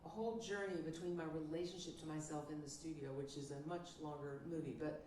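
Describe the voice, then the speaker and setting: A woman singer-songwriter recounts an old recording session with animated storytelling, slipping into the voices of the people she quotes. Her tone is mellow and dark. She sounds distant from the mic in an echoey room. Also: low-pitched, fast, a little hiss or hum. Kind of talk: storytelling in an interview.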